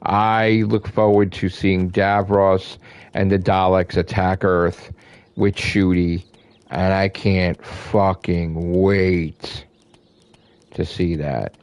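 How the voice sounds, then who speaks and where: A man's voice: low voice, level tone, slow, darkish tone, smooth, no room sound. A man hosting his own channel, delivering an emphatic, profane fan rant and repeating himself for emphasis. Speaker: gaming channel host. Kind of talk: excited fan rant to camera.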